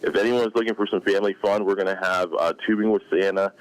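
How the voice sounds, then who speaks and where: A man with a very deep, low voice rattles off a promotional pitch at a brisk clip. He speaks as a guest on a radio show and lists his offers one after another. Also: steady tone, low-quality recording. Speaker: guest, resort representative.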